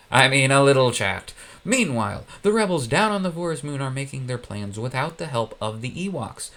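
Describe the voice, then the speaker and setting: A man narrating a comedic parody story, deadpan and playful with quick asides. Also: mid-range voice.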